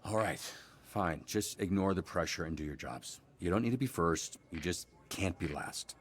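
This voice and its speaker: A man's voice: deep voice, normal speed. An actor playing an exasperated male team manager in a video game, with a dry, weary way of talking.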